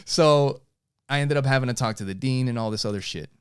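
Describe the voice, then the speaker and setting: A young man with a New York accent, telling a profane, animated story in casual podcast chat and acting out the quotes. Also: medium pitch, brisk, smooth, dry recording, clean studio sound. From New York (Queens). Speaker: podcast host.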